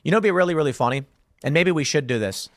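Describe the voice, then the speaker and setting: A man in his late thirties hosts a political commentary show, speaking in an emphatic, indignant rant. His voice sits a little higher than most men's, and he pushes his points hard. The sound is dry, with no room echo. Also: lively intonation, rapid-fire. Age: 30s.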